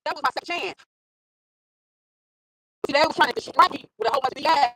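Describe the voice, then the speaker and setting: A woman's voice: high voice, quick pace, pushed and bright, low-quality recording. A woman vlogger with a school-age son, telling her own story in a casual monologue and repeating phrases for emphasis. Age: adult with a school-age son.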